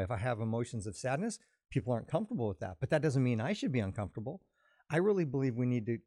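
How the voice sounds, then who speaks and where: A man talking calmly in a casual conversation, explaining his ideas at length in a reflective way. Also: medium pitch, no room sound, clean studio sound. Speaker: podcast co-host.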